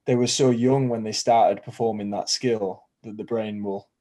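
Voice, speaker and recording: Low mellow-voiced man asking long questions. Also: fairly even intonation. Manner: measured, asks long questions. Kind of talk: podcast conversation.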